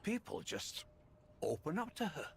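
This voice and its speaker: A man's voice: on the high side, big pitch swings, normal speed, gravelly, noisy background. An actor voicing a guarded, earnest man in a video game. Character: guarded regular man talking about a phone line.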